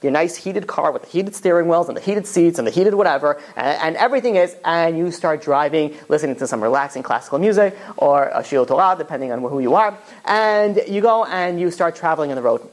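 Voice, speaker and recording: A rabbi giving a Torah class, telling stories in an animated, casual way full of fillers. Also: male voice, fairly high pitch, brisk, few pauses. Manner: animated storytelling, casual filler-heavy talk. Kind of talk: Torah class lecture with storytelling.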